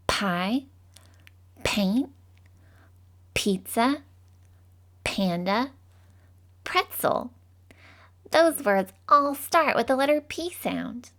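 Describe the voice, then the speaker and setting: A woman with a fairly high voice leads a phonics lesson for preschoolers. She talks very slowly and in a sing-song way, stretching each sound and praising the listener. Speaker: children's phonics teacher. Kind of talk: slow, cheerful lesson for young children.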